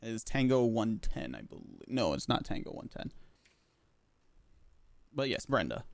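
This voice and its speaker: A man playing a medic in a roleplay game, recounting events in character, pausing often with fillers as he talks. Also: on the low side, big pitch swings, vocal fry, dry recording. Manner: halting, filler-heavy recounting. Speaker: roleplay medic giving a statement.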